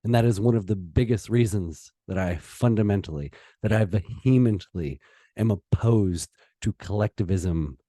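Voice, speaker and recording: A low-pitched man delivers a slow, impassioned opinion monologue, pausing and restarting as his feelings rise. His tone is mellow and dark, and the recording is close and dry. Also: dry recording. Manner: impassioned, heated, with pauses and restarts. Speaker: political commentator.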